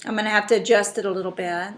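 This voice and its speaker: A woman's voice: mid-range voice, fairly even intonation, rapid-fire, slight background noise. A woman teaching a math class, walking through steps and checking in with her students. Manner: explains step by step, checks in with students. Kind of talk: classroom lesson.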